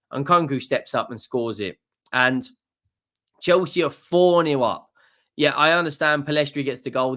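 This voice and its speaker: Young man, football reaction, excited, repeats himself, mid-pitched voice. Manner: enthusiastic, repeats words, restarts often. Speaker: football channel host. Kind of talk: casual match reaction.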